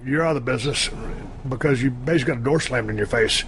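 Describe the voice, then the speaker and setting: A middle-aged man hosts a podcast in a relaxed, conversational way. He asks his questions directly, at an even, mid-range pitch, with a faint hiss in the background. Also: fast talker. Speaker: podcast host. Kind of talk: casual interview.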